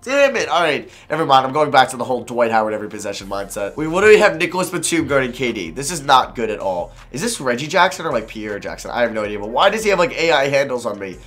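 A man giving live commentary over his own basketball video game, excitable and quick to frustrated outbursts. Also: mid-range voice. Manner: excitable, swings between calm and frustrated outbursts; swears and groans at misses.

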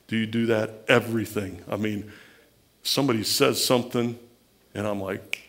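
A man's voice: on the low side, fairly even intonation, normal speed, fairly bright tone. A man with a Midwestern American accent, a pastor preaching a conversational sermon who acts out the people he quotes.

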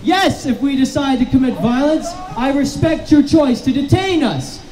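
A man giving an impassioned rally speech outdoors in the rain, repeating slogans and rising to shouts. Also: very high voice, animated, normal speed, echoey room, crowd noise, rough recording. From Canada. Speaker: rally speaker. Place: street protest outdoors in the rain.

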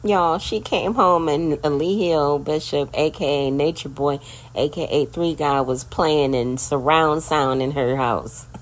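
A woman's voice: deep voice, unhurried, low-quality recording. A woman hosting a commentary channel, making blunt, outspoken asides to viewers. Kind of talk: casual commentary.

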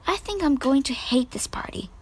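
A woman voicing a lively, blunt young sister in a storybook reading. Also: a little high, measured pace, creaky, heavily acted, rough recording.

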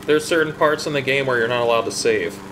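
An excitable man chats casually while playing a video game with a friend, his voice rising and cursing when he gets riled. His pitch sits in an ordinary middle range. A steady air-conditioning hum fills the background. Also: quick pace. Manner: excitable, swears when reliving frustration. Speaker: let's play co-host. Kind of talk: casual gameplay chat.

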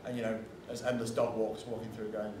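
A man's voice: lowish voice, flat delivery, brisk, background noise. A man giving a casual convention panel talk, chatty and blunt, drifting into asides and the odd swear word. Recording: echoey room from far off, faint ambience.

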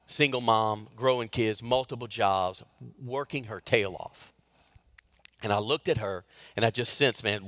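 A middle-aged man preaching a sermon as pastor, telling stories in a folksy way and swinging from loud to hushed. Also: fairly low pitch, dry recording, clean studio sound.

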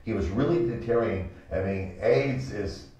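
A man hosting a pastoral talk show, telling a Bible story in an animated way and acting out the quotes. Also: on the low side, moderate pace. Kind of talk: preaching talk-show chat. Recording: echoey room, mic from a distance, dull sound.

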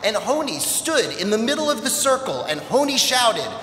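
A man's voice: extremely high pitch, moderate pace, slight background noise. A man telling a children's story at a temple service, playful and speaking to the audience. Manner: lively, playful, addresses the audience. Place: temple sanctuary. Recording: echoey hall with long reverb.

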